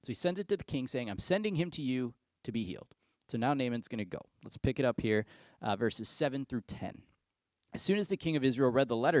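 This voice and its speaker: A male pastor giving a sermon, reading scripture and retelling it in a casual, conversational way with lively asides. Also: mid-range voice, fast, no room sound.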